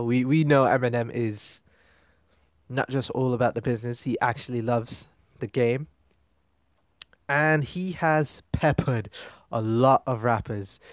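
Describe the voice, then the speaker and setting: A man's voice: mid-range voice, no echo, clean studio sound. A man hosting a music commentary show, talking casually and rambling with fillers and restarts. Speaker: podcast host.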